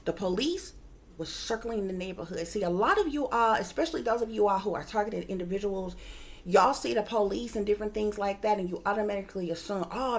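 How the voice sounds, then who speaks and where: A woman working as a psychic reader, telling her viewers a story in casual, emphatic talk, often calling them "y'all" and swearing freely. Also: mid-range voice.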